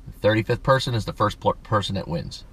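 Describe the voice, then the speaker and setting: A man's voice: fairly low pitch, animated, quick pace, a bit bright, slightly rough. A man hosting his own vlog, talking in a loose, rambling way, ranting and swearing, then apologizing. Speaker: channel host. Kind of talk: casual rambling vlog talk.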